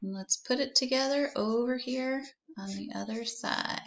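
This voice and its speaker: A woman teaching a phonics lesson to young children, slowly sounding out words letter by letter and encouraging them to repeat. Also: a little high, gravelly, fairly bright tone, dull audio.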